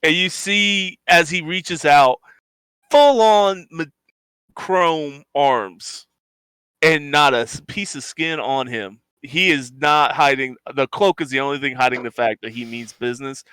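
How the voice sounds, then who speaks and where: A man's voice: fairly high pitch, unhurried, bright, forceful tone, clean tone, dry recording. A man narrating a tabletop game as game master, describing scenes in a rambling, descriptive way.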